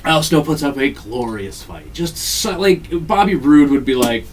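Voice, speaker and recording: A man's voice: fairly high pitch, measured pace, distant mic, slight background noise. A man hosting a podcast, casually telling a wrestling story with lots of swearing and acted-out quotes. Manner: profane, animated, acts out quotes. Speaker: podcast host recapping a wrestling game.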